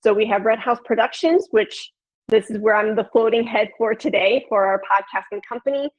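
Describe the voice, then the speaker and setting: A woman's voice: on the high side, normal speed. A woman in her thirties from Chicago, with a nasal Chicago accent, giving an upbeat, conversational online presentation to an audience. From Chicago, USA. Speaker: podcast producer and flutist presenter. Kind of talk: webinar presentation. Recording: lo-fi video call audio.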